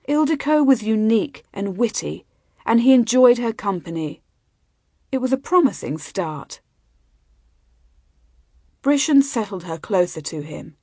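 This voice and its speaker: A woman narrates a fantasy audiobook in an even, measured way. Her pitch sits in the middle range, and the recording is dry and close to the mic with no room sound. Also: dry recording. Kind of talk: scripted narration.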